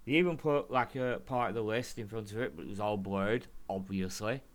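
A man co-hosting a podcast in casual chat, animated, laughing often and swearing freely. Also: fairly low pitch, a little fast. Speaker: podcast co-host.

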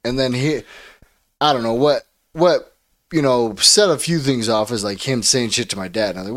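A man's voice: medium pitch, normal speed. Rambling man co-hosting a podcast. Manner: rambling, full of "like" and "you know". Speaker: podcast co-host. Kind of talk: casual chat.

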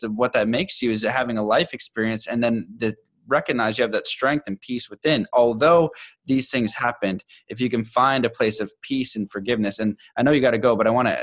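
A man's voice: mid-range voice, a bit bright, no echo. Earnest, slangy young male podcast host. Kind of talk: casual conversation.

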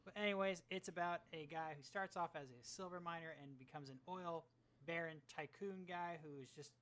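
A man's voice: fairly high pitch, a little fast, fairly bright tone. A man hosting a casual movie podcast, rambling with many fillers and restarts. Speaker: podcast host.

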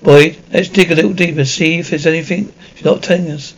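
A clipped police detective. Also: male voice, on the high side, fairly even intonation, fairly quick, poor audio. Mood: terse. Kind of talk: TV crime drama dialogue.

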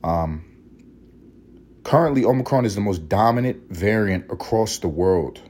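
A young adult man hosts a solo podcast while sick with a cold, sounding sniffly and congested. His voice is lowish, dark-toned and expressive, and he speaks a little slowly. He rants casually, sarcastically and profanely.

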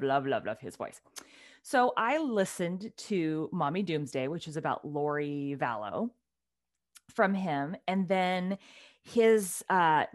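Woman, middle-aged, light Southern twang; chatty podcast co-host, animated delivery. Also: fairly low pitch. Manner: animated, chatty, quick laughs. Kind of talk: casual chat.

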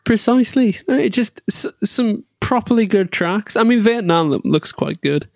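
A man's voice: high voice, animated, normal speed, vocal fry, no room sound. A man chatting casually and jokily about racing, rambling and laughing often. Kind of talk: casual motorsport chat.

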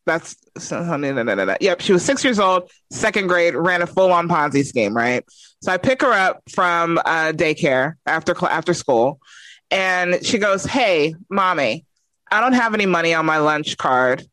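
In a casual podcast chat, a guest who is a mother recounts a story about her little daughter, voicing both sides of their exchange with expression. She speaks on the low side at a moderate pace, and the recording has no room sound.

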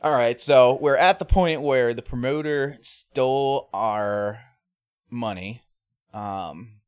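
A man's voice: medium pitch, slow, clear, resonant tone, no echo, studio quality. A man co-hosting a casual chat, telling rambling tour anecdotes with frequent laughs. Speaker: podcast co-host, band member.

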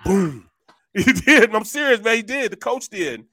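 A man co-hosting a casual sports talk show, an animated storyteller who repeats phrases for emphasis. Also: high voice, unhurried, no echo, clean studio sound. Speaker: sports radio co-host.

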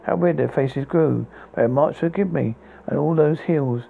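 A man with a deeply gravelly, fry-heavy voice sitting a little higher than most men's reads poem after poem on his podcast. He halts and restarts words as he goes. The sound is thin and phone-like, with a faint hiss underneath. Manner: halting, stumbles and restarts words. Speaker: podcast host. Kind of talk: reading poems aloud.

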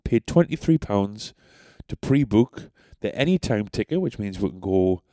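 A young man tells a meandering podcast story, full of swearing and jokes at his own expense. His voice sits low and mellow. The recording is dry and close. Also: animated, moderate pace, no echo. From North East England. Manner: rambling, sweary, self-deprecating. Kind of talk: casual storytelling.

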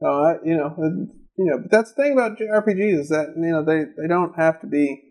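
A man's voice: a little high, a little fast, darkish tone, rough recording. A young man co-hosting a casual podcast, rambling with lots of fillers and restarts and laughing often. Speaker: podcast co-host. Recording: amateur home podcast recording.

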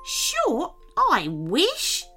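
A woman's voice: sits high, wildly swooping pitch, very slow, sharp tone, faint music behind, voice pushed up, exaggerated voice. Self-conscious tall male garden gnome for a storybook, voiced by a woman narrator. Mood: gentle.

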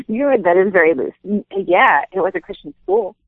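A woman calling in as a podcast guest, giggly and lively in casual chat. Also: mid-range voice, normal speed, no echo. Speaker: phone guest. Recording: tinny phone line.

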